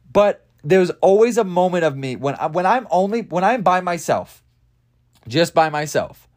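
A young man hosting a solo podcast, rambling crudely and confessionally, swinging between loud outbursts and mumbles. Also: high-pitched, very animated, measured pace, pauses often. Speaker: podcast host. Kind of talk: casual solo podcast monologue.

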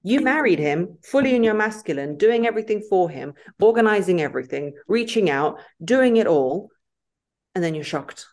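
A woman's voice: on the low side, normal speed. Emphatic woman guest acting out quotes. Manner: emphatic, acts out quoted lines in lively voices. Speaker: podcast guest. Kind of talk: casual interview chat.

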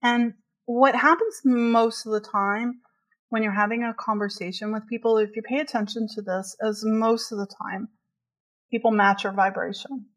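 A woman's voice: a little high, steady tone, normal speed. A woman in casual conversation, chatty and laughing often, with many fillers as she talks. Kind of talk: casual chat.

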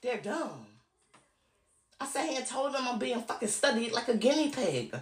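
A woman with a somewhat high voice delivers a heated solo podcast rant. She swears constantly and talks straight to her listeners in an agitated, insistent way. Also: a little fast, slightly rough. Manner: profane, agitated, addresses listeners directly. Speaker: podcast host.

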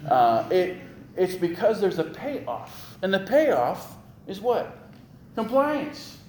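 A man's voice: high-pitched, takes it slowly. Man preaching in an echoey church. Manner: animated preaching with rising emphasis and repetition. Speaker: pastor. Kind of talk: sermon. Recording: echoey room with faint ambient noise.

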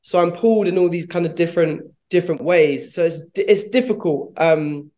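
A man's voice: on the high side, normal speed, darkish tone. A man, an actor answering interview questions in a reflective, rambling way, with frequent laughs. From London, England. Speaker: actor guest.

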